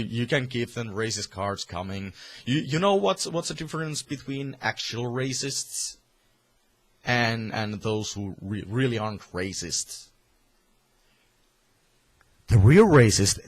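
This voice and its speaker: A Finnish man with a Finnish accent and a mid-range, slightly bright voice delivers a heated, profane political rant to camera as a vlogger. He restarts many times.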